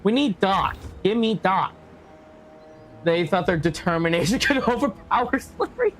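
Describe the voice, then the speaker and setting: Animated, swearing male game streamer. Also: high voice, normal speed, slight background noise. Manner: animated, swears a lot, laughs often. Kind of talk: casual gameplay commentary.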